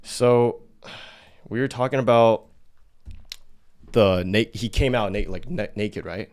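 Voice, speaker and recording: A man's voice: lowish voice, slow. A man hosts a podcast and presses his guest with blunt, doubting questions. He swears casually and pushes back on her answers. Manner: blunt, skeptical, swears freely. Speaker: podcast host.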